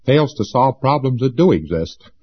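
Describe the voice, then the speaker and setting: A man's voice: mid-range voice, big pitch swings, moderate pace, breathy edge, muffled recording. A man giving an informal lecture to students, folksy and sarcastic, hammering points home by repeating them. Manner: folksy and sarcastic, with emphatic repetition.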